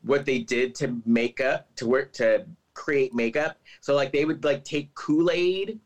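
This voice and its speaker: A man's voice: medium pitch, measured pace, low-quality recording. A man co-hosting a podcast, chatting casually and retelling scenes with lots of "like"s. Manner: chatty, animated storytelling with many "like"s. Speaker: podcast co-host. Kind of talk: casual chat.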